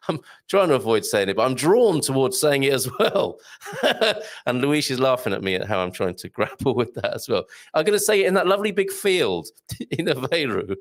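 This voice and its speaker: A man's voice: medium pitch, creaky. A man hosting a casual livestream, chatting and greeting viewers by name, often laughing and rambling. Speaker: livestream host. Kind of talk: casual live chat reading viewer comments.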